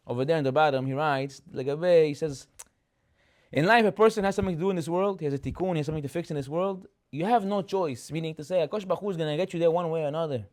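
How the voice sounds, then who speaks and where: A rabbi's conversational Torah class features lively storytelling, acted-out characters and rhetorical questions. He has a male voice with a fairly high pitch and a darkish tone.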